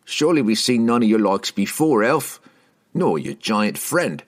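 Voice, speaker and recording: A man voicing a suspicious male farmer who challenges strangers gruffly. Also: medium pitch, expressive, a little slow, pitched above the performer's own voice. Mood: wary. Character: suspicious male farmer guarding his home, blunt.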